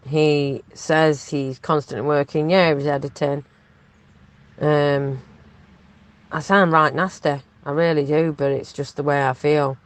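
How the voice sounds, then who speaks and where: A woman's voice: deep voice, no echo. A woman venting her frustration, swearing often and hesitating with many ums. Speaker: woman speaking about her partner in a recorded clip. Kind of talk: venting monologue.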